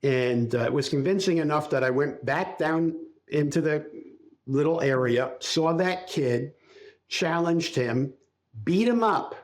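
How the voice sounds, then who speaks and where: An older man as a podcast guest, recalling his life in a reflective, halting storytelling way. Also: fairly high pitch. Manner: reflective, speaks in halting restarts while recalling. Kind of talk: casual interview storytelling.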